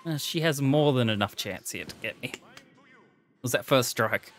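A streamer giving excitable, swearing livestream commentary, talking back to game figures. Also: medium pitch, moderate pace, soft background music.

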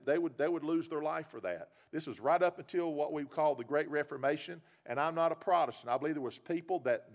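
A middle-aged man preaching a sermon, folksy and given to repeating himself. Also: a little high. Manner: folksy storytelling, repeats words. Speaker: pastor. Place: church.

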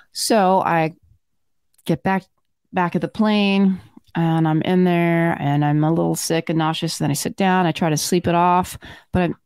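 A woman's voice: fairly low pitch, steady tone, a little slow, darkish tone, smooth, dry recording, clean studio sound. A woman who is a physician and podcast co-host, chatting casually and telling stories in detail with asides. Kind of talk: casual chat and storytelling.

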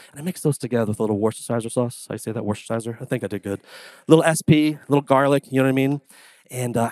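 A man preaching a sermon as pastor, telling casual stories in an animated, conversational way. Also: on the high side, dry recording. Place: church sanctuary.

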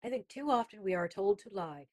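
A woman's voice: mid-range voice, lively intonation, brisk, dark tone. A woman guest on a faith-based talk show, speaking emphatically and reflectively as she builds her points. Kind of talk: casual faith-based conversation.

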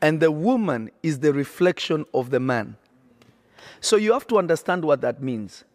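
A man's voice: a little high, animated, moderate pace, darkish tone. A man preaching on a podcast, emphatic and repetitive, often checking that listeners follow. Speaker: prophet and podcast host.

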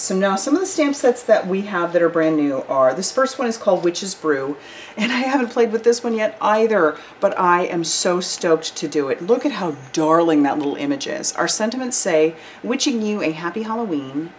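A woman's voice: medium pitch, a little hiss or hum. A woman hosting a card-making channel, chatting enthusiastically through a product review with casual fillers.

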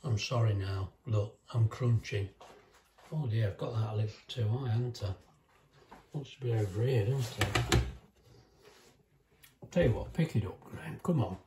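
A man with a dark, mellow voice, chatting away in a casual home cooking vlog. He talks to himself and to his viewers, tasting food between remarks. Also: lowish voice, normal speed, long pauses, a little hiss or hum. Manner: chatty, self-talking, talks with mouth full.

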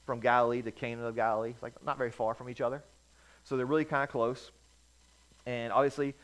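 A male pastor preaches a sermon as a story, speaking at a middle pitch. He moves between loud, emphatic bursts and soft, low asides. His delivery is loose and conversational. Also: low-quality recording.

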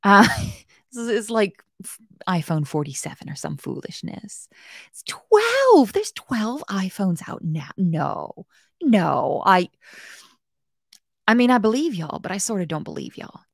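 A woman teaching a casual live-stream coding tutorial. Her pitch swings all over the place, and her voice has a gravelly fry to it. She is chatty, playful and self-mocking, and she talks straight to chat viewers in a dry, close sound. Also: lively intonation, measured pace, no echo. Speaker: web development bootcamp host.

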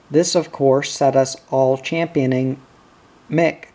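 A man reading an audiobook in a measured, even narration. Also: medium pitch. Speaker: audiobook reader.

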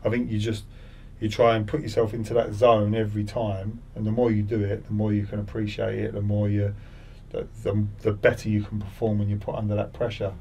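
A man's voice: fairly low pitch, monotone, a little fast, warm tone, distant mic, a little hiss or hum. A man in his forties, a former footballer, chatting as a podcast guest with many restarts and repeated words. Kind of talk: casual interview chat.

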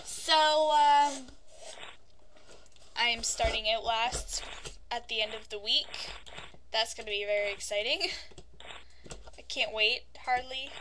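A woman giving casual let's-play commentary into a desk microphone, chatty and prone to sudden yelps and yelling at the game. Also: fairly high pitch, steady tone, a little slow, long pauses, noisy background. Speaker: gaming YouTuber.

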